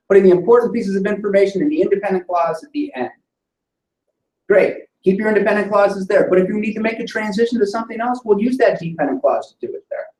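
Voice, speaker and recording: Picked up from afar in a reverberant classroom, a male instructor with a fairly high, slightly mellow voice walks students through sentence structure. His explanations are patient, and he keeps checking in by asking "right?" after his points.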